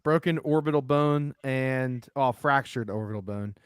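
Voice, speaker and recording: A man's voice: medium pitch, unhurried, clean tone, dry recording. A man co-hosting a sports podcast, chatting casually, laughing and swearing freely. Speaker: podcast co-host.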